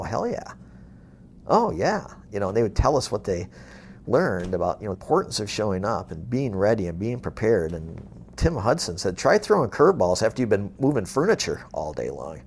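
A man's voice: medium pitch, vocal fry, a little hiss or hum. A middle-aged man giving a blunt, plain-spoken motivational talk to staff, telling stories and acting out the dialogue. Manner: lively storytelling, acting out dialogue. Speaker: business executive speaking to staff.

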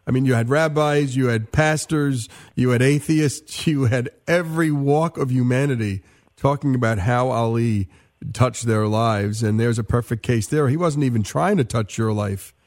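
A male radio host leads the interview with enthusiasm and keeps steering toward the guest's book. His voice sits at a middle pitch. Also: moderate pace, darkish tone.

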